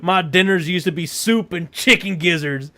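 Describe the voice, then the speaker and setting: A man's voice: sits high, normal speed, bright, forceful tone. A man from Europe streaming a game with casual, joking commentary, rambling and often laughing.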